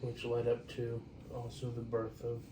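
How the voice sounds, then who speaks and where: A man co-hosts a home podcast, speaking in a flat, even tone and pausing often with "um" and restarts. He sounds far from the microphone in an echoey room. There is clear background noise. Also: mid-range voice. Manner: halting, frequent "um" restarts. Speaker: podcast co-host. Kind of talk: casual chat. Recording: roomy, distant mic with clear background noise.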